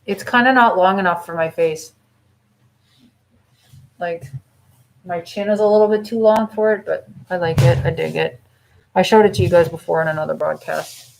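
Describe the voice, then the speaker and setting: Brief: woman vlogger, sick, aching, lower voice, rambles and reads out chat comments on a live stream. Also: moderate pace, vocal fry, long pauses, slight background noise, low-quality recording. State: sick and in pain.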